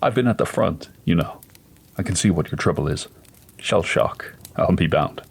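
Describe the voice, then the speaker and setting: A man reading aloud as a gentle, persuasive doctor in a spoken ghost story, calm and coaxing, pitched low with a husky, breathy edge. He sounds measured and patient, never hurried. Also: full character voice. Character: gentle, persuasive middle-aged male doctor.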